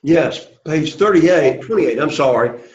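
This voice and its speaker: A man's voice: a little high, expressive, measured pace, darkish tone, a little hiss or hum. A man teaching a Greek class, explaining at length and often checking in with "okay" and "all right.". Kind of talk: classroom lecture. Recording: echoey classroom, dull lo-fi sound.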